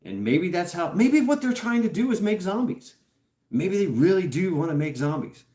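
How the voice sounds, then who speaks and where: A man's voice: sits high, sing-song, dark tone. Man, casual livestream host, rambling and laughing, echoey room. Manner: rambling, laughing, swearing, halting with many fillers. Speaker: host reading live chat. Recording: roomy echo.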